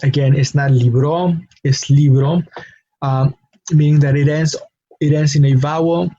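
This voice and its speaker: A man's voice: on the high side, level tone, normal speed, warm tone, no echo, lo-fi sound. A man teaching a recorded language lesson, patient and repetitive, often ending points with a questioning "no?". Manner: patient, repeats himself, tag question "no?".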